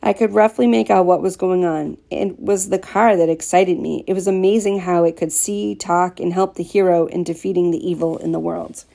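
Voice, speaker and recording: A woman narrating a first-person story aloud in a steady, plain storytelling manner. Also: on the low side, moderate pace, vocal fry, hardly any pauses. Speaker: audiobook narrator.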